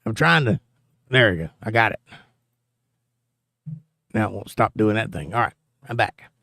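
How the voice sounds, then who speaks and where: A man's voice: fairly low pitch, animated, moderate pace, creaky, pushed and bright, dry recording. A man hosting a political livestream from the United States, reading chat comments aloud and answering them in an argumentative, sarcastic way.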